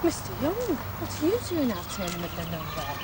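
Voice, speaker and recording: An actress voices a gentle young woman, uneasy and unsure whom to trust. Her pitch leaps about, and a clear hiss from an old videotape runs beneath her. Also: huge pitch swings, a little fast. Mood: worried. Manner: hesitant, worried. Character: sweet, anxious young woman. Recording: noisy old VHS transfer.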